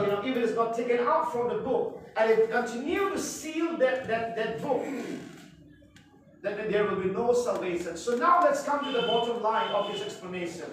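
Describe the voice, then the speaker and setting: A man with a very high-pitched voice gives a preachy Bible class lecture, reading verses slowly and dotting every point with amen and hallelujah. He is heard from across a very echoey classroom, with a faint hiss underneath. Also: fairly bright tone. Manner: emphatic, peppers speech with amen and hallelujah; reads scripture verses slowly and deliberately. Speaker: Bible teacher and pastor. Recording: echoey room from far off, faint noise.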